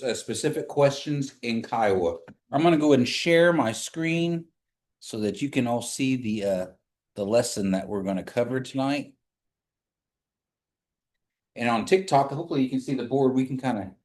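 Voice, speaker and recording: A man teaching a language class, slowly drilling words for the class to repeat. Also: mid-range voice, a little mellow. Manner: patient, slow drilling of words for repetition. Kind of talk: live in-person language lesson. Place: classroom streamed online. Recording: echoey room.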